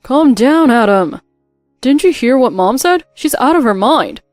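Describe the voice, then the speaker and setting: A woman's voice: on the high side, animated, moderate pace, no echo, soft background music, lightly acted. A woman voicing furious grown men confronting. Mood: angry. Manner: shouting, confrontational. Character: angry grown men of the family, sons and father. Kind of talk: narrated drama story.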